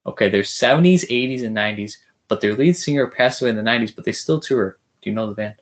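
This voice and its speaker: A young man hosts a casual interview, eager and a bit starstruck. His pitch sits in the middle range for a man. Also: fast talker. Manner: eager, starstruck, soft-spoken asides. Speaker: podcast host.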